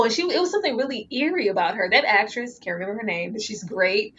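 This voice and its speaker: A woman co-hosting a casual movie review chat, excitable and emphatic, laughing often. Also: on the high side, fast talker, slightly rough. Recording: dull lo-fi sound with faint noise.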